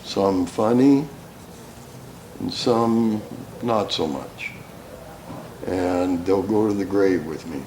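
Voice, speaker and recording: Slow, low-voiced older man. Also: background noise. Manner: folksy and profane, laughs through his stories. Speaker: speaker, war veteran. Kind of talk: storytelling talk. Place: theater school hall. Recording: roomy hall with faint ambience.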